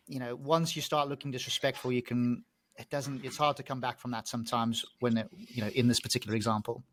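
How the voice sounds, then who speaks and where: A man co-hosting a podcast, giving his opinions in a measured, conversational way. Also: medium pitch, steady tone, a bit bright, slight background noise. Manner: measured, opinionated, with small restarts. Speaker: podcast co-host. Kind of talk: casual podcast chat.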